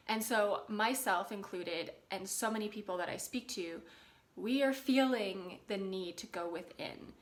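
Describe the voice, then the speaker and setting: Brief: young woman vlogger, gentle and earnest, encouraging tone, mid-range voice. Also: mid-range voice, measured pace. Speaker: spiritual development vlogger. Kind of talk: casual direct-to-camera talk.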